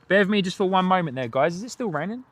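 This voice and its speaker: A man's voice: sits high, lively intonation, rapid-fire. A man hosting a live plane-spotting stream outdoors near a runway. He talks chattily and greets his viewers by name. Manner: chatty, reads out viewer comments and greets chat.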